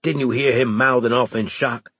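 Grumbling crude sergeant, low husky voice, man voicing him. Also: fairly even intonation, normal speed, fairly bright tone, no room sound. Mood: gruff. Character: gruff male sergeant, sour and crude.

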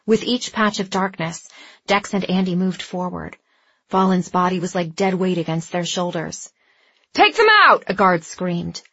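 A woman reading a story aloud as an audiobook narrator, with a steady, even delivery. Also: lowish voice, measured pace, slightly rough. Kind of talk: scripted narration. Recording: dry, slightly dull lo-fi recording.

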